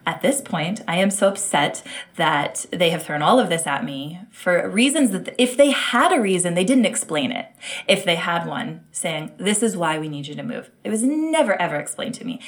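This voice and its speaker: A woman from the United States telling her birth story in an interview, animated, acting out quotes and laughing often. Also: on the low side, normal speed. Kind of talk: emotional personal storytelling.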